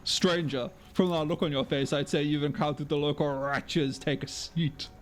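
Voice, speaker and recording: A man reading out the lines of a grim, grizzled soldier in a game, in a low, steady voice. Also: moderate pace, close to an everyday voice. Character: grizzled male soldier, grim survivor by a campfire.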